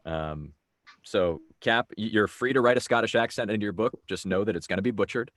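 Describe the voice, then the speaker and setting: A man's voice: on the low side, brisk, fairly bright tone, dry recording. A man from Atlanta who narrates audiobooks, chatting casually and laughing often on a podcast. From Atlanta, Georgia.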